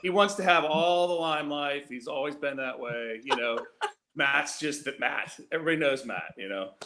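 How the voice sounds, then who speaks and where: A man's voice: on the high side, normal speed, noisy background. A man who races cars, telling a rambling, self-mocking road story with laughs over a video call. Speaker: guest drag racer.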